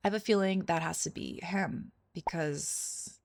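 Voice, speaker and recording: A woman commenting casually on a mystery game, talking to herself and her viewers as she works things out. Her voice has a gravelly, fry-heavy texture, recorded close and dry with no room echo. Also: lowish voice, measured pace. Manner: chatty, thinking aloud, laughs easily. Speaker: game walkthrough host.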